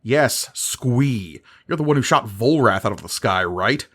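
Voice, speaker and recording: A man's voice: mid-range voice, expressive, measured pace, fairly bright tone. A man voicing a bold young male airship commander who gives confident orders. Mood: commanding.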